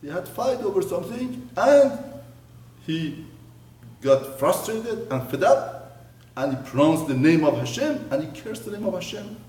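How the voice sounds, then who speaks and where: A man, a rabbi, teaching a mussar lesson on the weekly Torah portion, telling a story with lively swings from loud emphasis to hushed murmurs. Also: high-pitched, a little slow. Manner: animated storyteller, voice rising and dropping to near murmur. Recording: roomy, distant mic with faint ambience.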